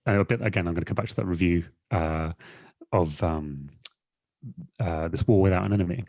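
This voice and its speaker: Deep-voiced rambling man. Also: brisk, a little mellow, no room sound, muffled recording. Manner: rambling, self-deprecating, many fillers and restarts. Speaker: magazine editor, podcast guest. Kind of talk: casual conversational interview.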